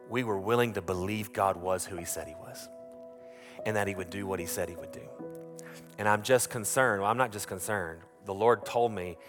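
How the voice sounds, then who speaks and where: A man preaching a sermon, telling stories in a folksy, earnest way, often restarting his sentences. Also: low-pitched. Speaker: pastor. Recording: music playing under the voice.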